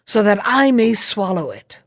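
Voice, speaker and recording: A big, gruff ogre from a fairy tale thunders out his demands, slow and heavy, sniffing for intruders, voiced by a woman reading aloud. The sound is close and dry. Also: big pitch swings, dry recording. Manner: booming and demanding. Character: huge hungry male ogre, gruff and suspicious.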